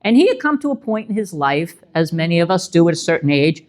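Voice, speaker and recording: A woman's voice: on the low side, sing-song, quick pace, darkish tone. A middle-aged woman, an animal control officer giving a humorous wildlife talk and acting out the animals in little voices. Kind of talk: lively public presentation.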